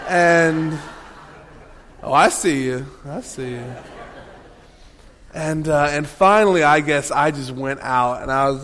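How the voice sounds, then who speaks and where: A man preaching a sermon, telling a lively personal story with playful asides to the congregation. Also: on the high side. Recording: long hall reverb.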